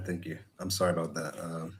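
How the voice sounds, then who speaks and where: Halting, earnest man on a video call. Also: low voice, level tone. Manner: earnest, halting, many restarts. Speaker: guest. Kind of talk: personal testimony.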